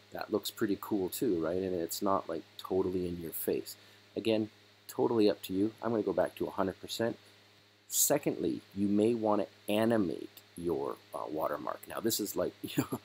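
A man hosting a casual step-by-step software tutorial, hoarse as he is losing his voice. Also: deep voice, slight background noise, low-quality recording. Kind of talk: screen-recorded software tutorial.

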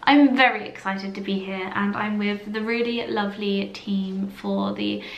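A woman's voice: mid-range voice, steady tone, a little slow, vocal fry, reverberant, dull audio. A young woman vlogging casually to camera, chatty and full of "like", sounding tired, in a hotel room. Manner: chatty, fills with "like" and "literally". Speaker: lifestyle vlogger. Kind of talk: casual vlog chat to camera.

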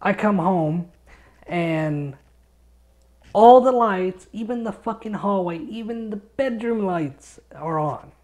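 Excitable swearing man on a podcast. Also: sits high, slow pace. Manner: excitable storyteller, swears a lot. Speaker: podcast co-host. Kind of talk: casual podcast chat. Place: home studio.

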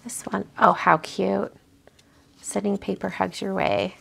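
A card-making livestream host chats casually and gushes while opening cards from viewers, thinking aloud with lots of fillers. Her mid-range voice has vocal fry and is a bit bright, at a normal speed.

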